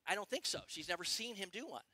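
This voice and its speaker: A middle-aged male pastor preaching a sermon, excitable and animated, firing questions at the congregation. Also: high voice, no room sound. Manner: excitable, quick bursts, asks the congregation questions.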